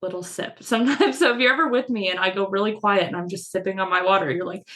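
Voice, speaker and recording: A woman's voice: medium pitch, fast, fairly bright tone. A woman co-hosting a casual spiritual podcast, chatty and self-mocking, laughing often as she talks. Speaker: podcast co-host. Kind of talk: casual chat.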